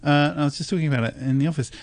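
Gravelly man presenting radio chat. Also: fairly high pitch, rapid-fire, no room sound. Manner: hesitant, many ums and restarts, thoughtful. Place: radio studio. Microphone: studio microphone.

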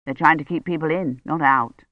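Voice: medium pitch, moderate pace, no echo, natural voice. Reader doing a worn-out older lady doctor, clipped and weary, kinda muffled. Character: tired grey-haired woman doctor, brisk and worried.

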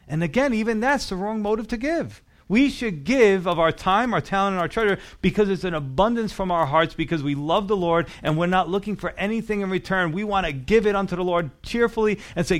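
A man's voice: high-pitched, brisk, hardly any pauses. A man preaching a sermon in a church as pastor, with emphatic rising and falling delivery.

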